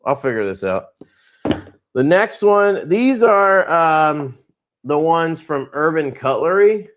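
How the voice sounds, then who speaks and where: A man's voice: fairly high pitch, big pitch swings, slow. A man hosting a casual livestream from his knife company, showing products in a laid-back, rambling way with crude jokes.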